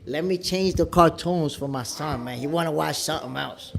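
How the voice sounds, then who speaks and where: Speaking at a normal speed with vocal fry, this boxing show host has a slightly high voice and a New York City accent, being from the city himself. He's animated on a casual livestream from home in the Dominican Republic, repeating himself and addressing viewers directly.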